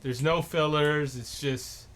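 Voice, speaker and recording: A young man co-hosting a laid-back podcast, his voice sitting a little high. He talks haltingly, stumbling over repeated words and filling gaps with ums. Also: fairly even intonation, fairly bright tone. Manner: halting, stuttering restarts and fillers. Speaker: podcast co-host. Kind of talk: casual chat.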